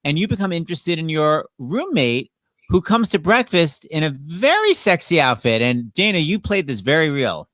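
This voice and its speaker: A man's voice: fairly high pitch, moderate pace, no room sound. A man hosting a video stream, playful and chatty with his guest. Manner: playful, animated. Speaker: host. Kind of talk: casual chat on a video stream.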